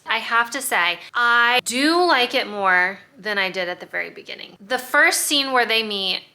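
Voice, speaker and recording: A woman book vlogger in casual chat, retelling a plot in an animated way, with frequent laughs and exclamations. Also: fairly high pitch.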